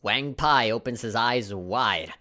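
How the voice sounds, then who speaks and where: A man's voice: medium pitch, slow pace, bright, forceful tone. A man commentating a video game as its host and reading its text aloud, breaking into giggly, apologetic laughing fits. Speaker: let's play host.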